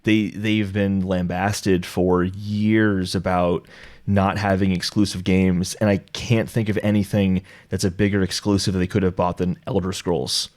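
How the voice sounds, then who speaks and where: Low-voiced thoughtful podcast guest. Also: male voice, little pitch movement, darkish tone. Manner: thoughtful, measured, hedging with ums. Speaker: podcast co-host. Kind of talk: casual gaming podcast chat.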